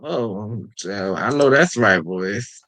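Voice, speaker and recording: A host reacting to a clip, drawing out each laid-back aside at a slow pace. The pitch is middling. The sound is close and dry, with no room around it. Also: lively intonation, fairly bright tone, no echo. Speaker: commentator host. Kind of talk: reaction commentary.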